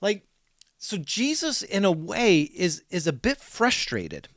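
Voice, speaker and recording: A man hosting a podcast, talking through a Bible passage in a relaxed, conversational way, often repeating words and saying "like". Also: high voice, a little slow, dry recording, studio quality. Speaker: podcast host teaching on scripture.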